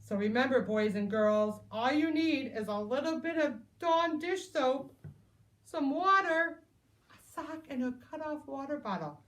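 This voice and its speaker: A woman preschool teacher reading a picture book aloud to children, animated and exclaiming in a sing-song way. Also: sits high, measured pace.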